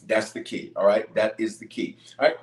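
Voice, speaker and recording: A man's voice: on the low side, fairly even intonation, normal speed, reverberant. A man serving as bishop, leading a live-streamed prayer call, greeting viewers by place and answering their questions with emphatic repetition. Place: room at home base near Denver.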